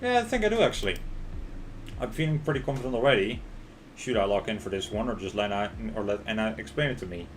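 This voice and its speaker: Reading a visual novel aloud as he streams it, a man laughs and bursts out in panic along the way. His low voice is expressive and quick-paced, with a little hiss or hum on the recording.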